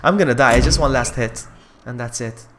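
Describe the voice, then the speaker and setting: A man streaming a horror game, talking to himself in casual commentary that swings from low muttering to frustrated yelling. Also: moderate pace.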